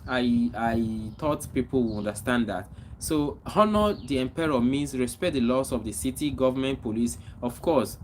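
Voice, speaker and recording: Male streamer, casual chat with viewers, mid-range voice, faint background noise. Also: mid-range voice. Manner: reads out viewer comments and greets them by name; animated greetings, then slower reflective talk. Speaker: livestream host.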